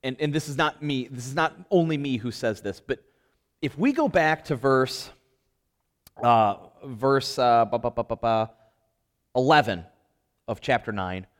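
A man's voice: medium pitch, unhurried, long pauses. A middle-aged man leading a casual Bible study, talking to the group, often restarting his sentences and laughing. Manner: animated, self-interrupting, laughs often, engages group.

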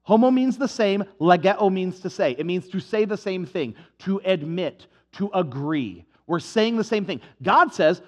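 Male pastor with a high, very lively voice, preaching animatedly and slipping into playful acted-out exchanges. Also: a little slow, few pauses, dull audio. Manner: animated, acts out dialogues with comic voices. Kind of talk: sermon.

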